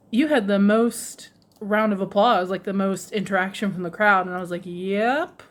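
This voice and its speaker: A woman telling a story on her vlog in a loose, chatty way. She laughs often and slips into little voices when she quotes the people around her. Her pitch sits at an ordinary middle height for a woman. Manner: animated, laughs often, mimics others' voices. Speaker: vlogger. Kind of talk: casual storytelling. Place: lives in Japan, runs a shop with her husband.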